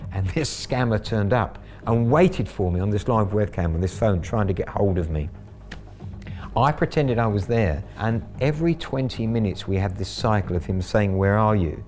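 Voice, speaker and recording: Fields: man, wry storyteller, low voice. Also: expressive, moderate pace, a little mellow, a little hiss or hum. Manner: wry, gleeful anecdotal telling. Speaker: scambaiter. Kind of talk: documentary storytelling.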